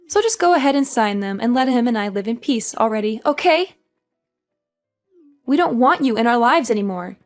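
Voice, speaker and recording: A woman's voice: fairly high pitch, animated, normal speed, faint music behind, close to an everyday voice. A woman voicing a spoiled, entitled sister-in-law who taunts with mocking laughs, in a dramatized story. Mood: taunting. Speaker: voice actor.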